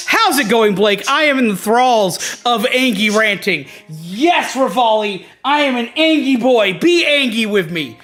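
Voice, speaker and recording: A man's voice: very high voice, measured pace, hardly any pauses. A man streaming a video game, ranting in casual commentary with lots of swearing. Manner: animated, profane ranting. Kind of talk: casual gaming livestream commentary. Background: faint background music.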